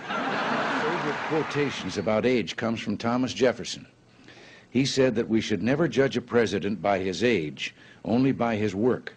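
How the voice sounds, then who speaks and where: Older man, seventies, lowish voice, folksy joke-telling speech with faint ambience behind. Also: lively intonation, moderate pace, slight background noise. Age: 70s. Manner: folksy anecdotal storytelling, lifts voice for quoted characters. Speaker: politician giving speeches. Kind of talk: humorous speech, telling jokes.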